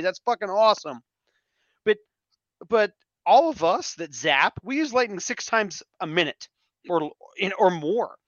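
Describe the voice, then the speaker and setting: A man in casual podcast chat, telling stories in an animated way, repeating words and swearing now and then. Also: fairly high pitch, no room sound, dull audio. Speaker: podcast guest.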